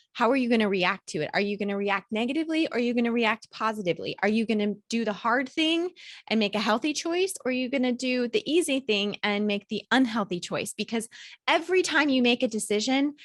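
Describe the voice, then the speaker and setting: A woman's voice: medium pitch, dry recording, studio quality. A woman in her thirties hosting a solo podcast, talking in an emphatic, motivational way with some swearing, recorded in a hotel room. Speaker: podcast host.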